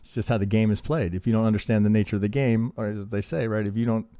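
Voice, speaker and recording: A man teaching trading on a live stream, reviewing charts in an animated, profane way and asking "right?" again and again. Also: on the low side, quick pace, dry recording. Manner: profane, emphatic, acts out trader reactions, keeps asking "right?".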